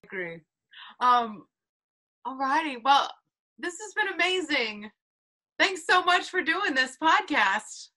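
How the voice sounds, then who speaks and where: Bright, giggly young woman podcast host. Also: high voice, big pitch swings, takes it slowly, long pauses. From North Carolina. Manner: giggly, playful. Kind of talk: casual chat.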